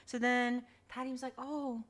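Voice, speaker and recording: A woman co-host in casual podcast chat, recapping a drama with animated storytelling and quick quoted asides. Her voice sits at a middle pitch for a woman.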